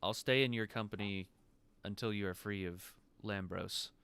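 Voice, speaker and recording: A man voicing a cautious male creature guide who speaks in a measured, earnest way during tabletop role-play. The voice sits low and comes through very clear and smooth. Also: steady tone, fairly bright tone, no room sound.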